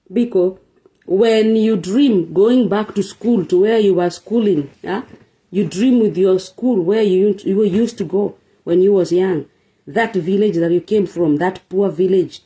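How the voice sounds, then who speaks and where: A woman's voice: mid-range voice, dark tone. A woman hosting a relationship talk show, lecturing her viewers with rhetorical questions and emphatic repetition. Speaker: show host. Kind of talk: preachy relationship talk monologue.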